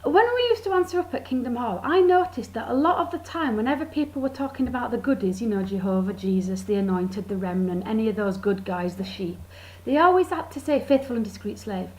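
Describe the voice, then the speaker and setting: Brief: woman, mocking satirical monologue, highish voice with a bouncy, animated pitch. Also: fairly quick, rough recording. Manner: sarcastic, mocking, drawls words for effect. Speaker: vlogger.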